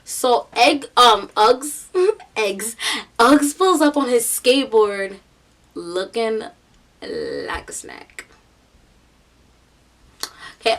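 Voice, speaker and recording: A woman's voice: a little high, unhurried, pauses often. Chatty young New York woman. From United States. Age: young adult. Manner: chatty, animated storytelling with quoted voices; many fillers like "like" and "um". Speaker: vlogger. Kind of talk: casual storytime vlog.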